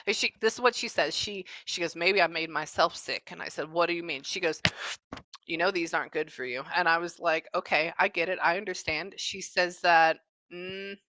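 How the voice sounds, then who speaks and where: A woman talks her way through a psychic reading, relaying what she senses in a casual, chatty flow broken by pauses and fillers. Her voice sits on the low side yet sounds bright and forceful. The sound is dry and close, with no room echo. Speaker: psychic medium.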